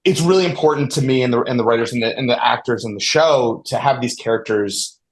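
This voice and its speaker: An enthusiastic man answers interview questions as a TV showrunner, his voice sitting at a medium pitch. He rambles and restarts his sentences often, his speech relaxed and conversational. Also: fast, poor audio.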